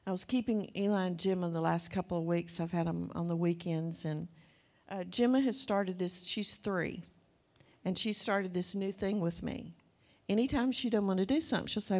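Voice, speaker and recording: Older Southern woman, Bible teacher; warm conversational preaching, mid-pitched, folksy storytelling. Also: moderate pace. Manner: conversational, anecdotal, folksy asides. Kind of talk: sermon.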